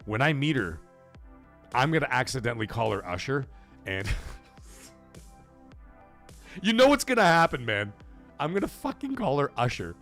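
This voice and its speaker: A man's voice: medium pitch, sing-song, unhurried, pauses often, fairly bright tone, faint music behind. A man hosting a livestream in casual chat, swearing freely and laughing as he reads chat messages aloud. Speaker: livestream host.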